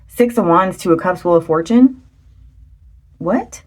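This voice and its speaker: A woman giving a chatty tarot reading to her viewers. She talks fast and loose, often getting excited, exclaiming and laughing at the cards. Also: on the low side. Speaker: tarot reader. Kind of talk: casual tarot reading to camera.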